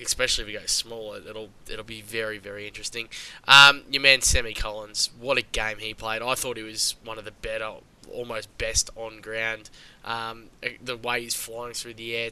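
A man's voice: lowish voice, pushed and bright, clean tone. A man co-hosting a podcast in casual chat, upbeat and asking his partner questions. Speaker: podcast co-host. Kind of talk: casual fantasy sports chat.

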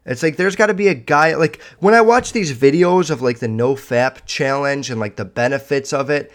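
A man's voice: fairly high pitch, animated, moderate pace, fairly bright tone. A man hosting a podcast in casual chat, rambling, candid and profane. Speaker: podcast host.

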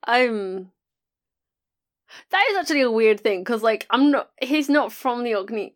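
A woman's voice: fairly high pitch, lively intonation, measured pace. A woman playing a tabletop game, laid-back and chatty. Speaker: player. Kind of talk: casual tabletop play.

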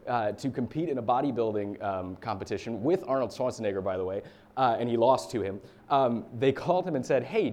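A man's voice: medium pitch, dark tone. A man in his thirties from the United States giving a casual, story-filled sermon as a pastor, with chatty fillers.

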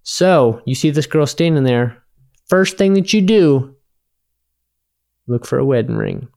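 Brief: male podcast host, smooth clear voice, loose swearing storyteller. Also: on the high side, expressive, measured pace, a little mellow. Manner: rambling, profane storyteller acting out bar dialogue. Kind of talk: casual drunken chat.

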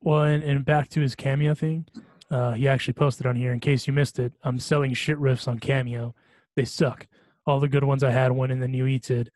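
A man hosting a podcast in relaxed chat, his voice sitting at an ordinary middle pitch. He rambles and restarts his sentences, laughing at his own stories. The sound is dry and close. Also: brisk, no room sound. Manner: rambling, laughing often, many restarts and fillers. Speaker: podcast host. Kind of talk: casual chat.

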